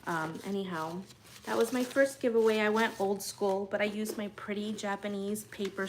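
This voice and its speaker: A woman in her thirties hosts a casual live stream from her bedroom, talking straight to her viewers. Her voice sits a little low, and she rambles in a loose, chatty, openhearted way. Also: slight background noise. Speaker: channel host.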